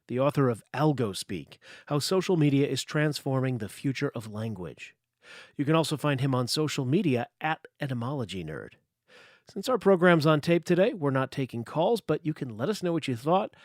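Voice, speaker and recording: A man's voice: mid-range voice, big pitch swings, a little fast, no room sound, studio quality. A man hosting a public radio interview, with polished broadcast reads and loose, rambling questions. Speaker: radio show host.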